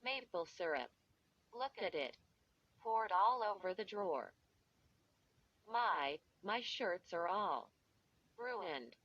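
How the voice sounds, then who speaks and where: A woman's voice: mid-range voice, big pitch swings, takes it slowly, pauses often, fairly bright tone, full character voice. A woman reading the part of an upset, stammering teenage brother in an audiobook. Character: frightened, whiny big brother, a teen boy. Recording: dull lo-fi recording.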